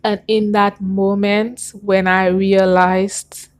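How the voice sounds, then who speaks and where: A woman telling her personal faith testimony in an earnest, animated way, gasping and acting out what she said back then. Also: medium pitch, takes it slowly, smooth. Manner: earnest and animated, with gasps and acted-out quotes.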